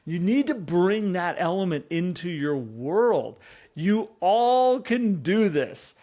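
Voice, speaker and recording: A man co-hosting a podcast in casual conversation, animated and fond of acting out his own inner dialogue. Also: high-pitched, slow. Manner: animated, acts out inner dialogue in quoted voices. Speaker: podcast co-host.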